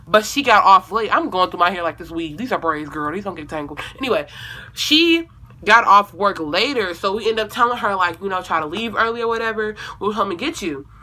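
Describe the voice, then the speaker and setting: A young woman vlogger tells a storytime video at home, rambling casually, correcting herself and swearing freely. Her mid-range voice is bright and pushed, with lively intonation and a fairly quick pace.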